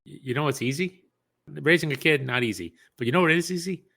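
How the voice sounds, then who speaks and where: A man co-hosting a casual podcast, joking and quoting scenes in a lively way. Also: fairly high pitch, fast talker, vocal fry, music in the background. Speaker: podcast co-host. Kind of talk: casual chat.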